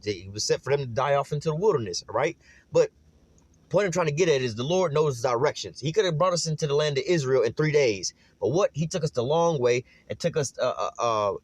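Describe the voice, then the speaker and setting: A man preaching a fervent street-style sermon, full of slang and cursing, who keeps asking "you know what I'm saying" and climbs into loud, high shouting when fired up. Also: dry recording.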